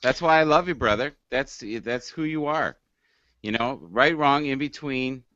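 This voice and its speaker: A man in casual group chat on an online hangout, earnest and spiritual-minded, speaking in slow emphatic phrases. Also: mid-range voice, pushed and bright, dry recording. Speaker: hangout participant. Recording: dull lo-fi online call audio.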